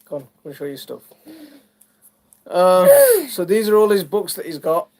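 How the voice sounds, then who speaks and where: A man's voice: sits high, normal speed. A father with a Sheffield accent hosting a casual live family chat, talking in a rambling, stop-start way with lots of fillers and teasing. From Sheffield, England. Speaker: father and channel host. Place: family home indoors. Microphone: phone. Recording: phone recording with background noise.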